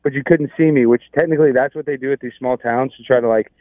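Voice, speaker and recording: A man's voice: mid-range voice, steady tone, fast talker, dry recording. A man telling a rambling, exasperated story in casual chat, with many restarts. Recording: tinny phone line.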